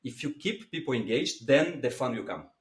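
Guy coaching on public speaking, lively, plays with his voice, middle pitch, echoey room. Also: moderate pace. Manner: lively, demonstrates voice changes, non-native phrasing. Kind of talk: animated interview talk. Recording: roomy echo.

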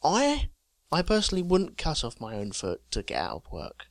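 A man's voice: on the high side, wildly swooping pitch, normal speed, dry recording. A man co-hosting a podcast, casually chatting and reading out odd news stories with a joking, storytelling manner. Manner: jokey storyteller, reading out news items with chuckles. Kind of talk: casual chat.

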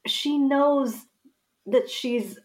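A woman's voice: high voice, drawn-out words, darkish tone. A woman co-host in casual chat, reflecting on a TV scene and questioning her own reading of it. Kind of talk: casual chat about a TV episode.

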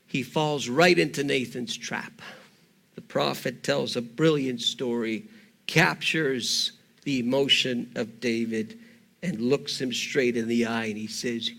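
A man preaching a sermon, retelling a story in an animated, conversational way with rhetorical questions. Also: mid-range voice, slow, gravelly.

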